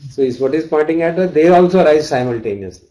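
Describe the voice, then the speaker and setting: A man's voice: a little high, lively intonation, fast talker, warm tone, poor audio. A man teaching a study class, reading out texts and glossing Pali terms as he explains them. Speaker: dharma teacher.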